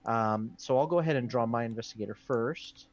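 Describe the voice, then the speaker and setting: A man on a live board game stream walks through the rules in a chatty, filler-laden way. His mid-pitched voice comes through somewhat dull and lo-fi. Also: brisk. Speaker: board game show host.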